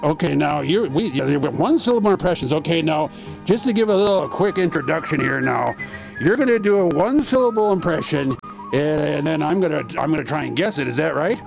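A man's voice: fairly high pitch, animated, fairly quick, creaky, over music. A man hosting a radio show, talking in a rambling, stammering way with frequent laughs. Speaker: radio host.

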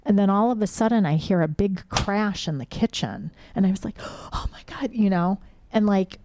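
A woman's voice: mid-range voice, lively intonation, normal speed, background noise. A middle-aged woman telling a suspenseful story in casual chat, with a conversational pace and loose fillers.

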